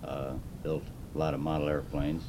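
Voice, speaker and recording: A man in his seventies from Chicago, telling his life story slowly with many fillers in an oral history interview. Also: flat delivery. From Chicago, USA. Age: 70s. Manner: unhurried, rambling with fillers. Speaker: interviewee, retired car designer. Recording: noisy 1980s tape with rumble.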